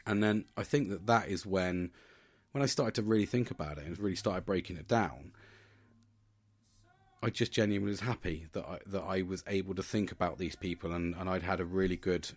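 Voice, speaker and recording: Deep-voiced chatty man. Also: fairly quick. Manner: chatty, swears freely, keeps asking "do you know what I mean". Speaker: podcast host. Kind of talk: casual reflective monologue.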